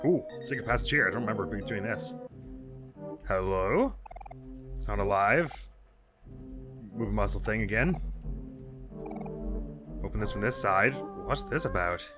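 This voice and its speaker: A man's voice: on the low side, animated, normal speed, long pauses, music in the background. A man commenting casually on a video game as a let's play host, laughing often and reading the game text aloud.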